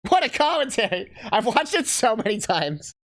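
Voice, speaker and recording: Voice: mid-range voice, very animated, moderate pace. A streamer giving casual, crude, joking commentary while watching game videos.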